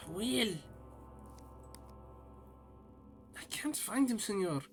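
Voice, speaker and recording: A man voicing a worried housekeeper woman searching for a missing boy, calling out in a high voice with a muddled foreign accent. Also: expressive, drawn-out words, soft background music, exaggerated voice.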